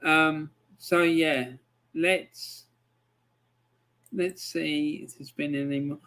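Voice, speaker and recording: A man's voice: on the high side, fairly even intonation, very slow, a bit bright. A man hosting a live stream, chatting casually with viewers and rambling with frequent ums as he reads out their messages.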